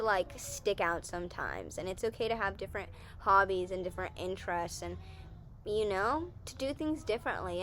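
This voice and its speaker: A woman's voice: medium pitch, a bit bright, slight background noise. A young woman casually chatting in a Q&A vlog, rambling and self-correcting as she talks. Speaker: vlogger.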